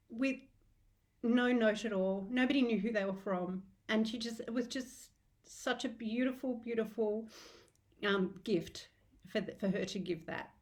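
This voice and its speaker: A middle-aged woman with an Australian accent hosts a diet group in a casual live video talk. She speaks in a heartfelt, encouraging way, with rambling restarts. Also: mid-range voice.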